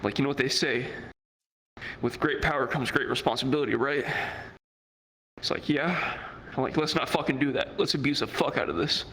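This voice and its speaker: A man's voice: medium pitch, normal speed, a little hiss or hum, poor audio. A young adult man streaming live, telling a story in casual talk, swearing a lot and acting out the people he quotes. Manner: profane, animated, acts out the people he quotes.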